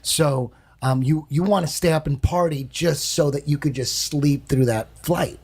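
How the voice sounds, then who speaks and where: A man's voice: a little high, normal speed, a little mellow, slightly rough. A man telling a long story on a podcast in a casual, rambling way, swearing often and repeating himself. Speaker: podcast guest.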